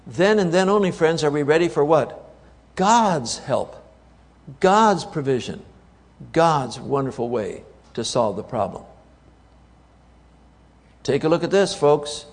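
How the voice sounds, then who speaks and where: A man delivers a sermon with emphatic force, often repeating his key words and asking the congregation rhetorical questions. His voice sits a little high for a man. The sound rings with the long reverb of a large hall. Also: expressive, slow pace, pauses often. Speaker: preacher.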